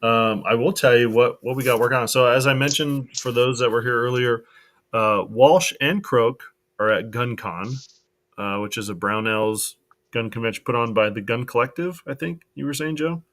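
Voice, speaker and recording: A man's voice: mid-range voice, normal speed, fairly bright tone. A man co-hosting a live stream, talking casually and rambling with many fillers and restarts. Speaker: co-host of a live gear show.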